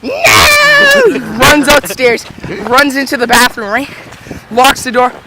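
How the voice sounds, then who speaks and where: A teenage boy casually telling a profane, animated story while walking outdoors. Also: very high-pitched, unhurried. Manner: animated, profane, laughing asides. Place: city street, outdoors, walking. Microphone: handheld music player. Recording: noisy street recording.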